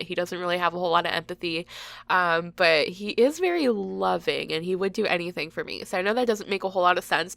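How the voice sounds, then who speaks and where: A woman in her mid-thirties talks through a story with a blocked, stuffy nose, rambling casually and laughing at herself often. Her voice sits at an ordinary pitch and sounds dry and close, with no room around it. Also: fairly bright tone, no echo. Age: 30s. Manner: chatty and self-deprecating, laughs often. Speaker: gaming channel host. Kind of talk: casual storytelling over gameplay.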